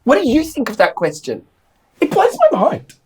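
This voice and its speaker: A man co-hosting a casual podcast, telling stories in a blunt, sweary, animated way. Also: very high voice, normal speed, slight background noise. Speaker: podcast co-host.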